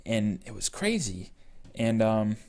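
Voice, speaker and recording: A man's voice: fairly low pitch, very animated, takes it slowly, a little mellow. A young man vlogger casually telling a personal story, rambling with many fillers.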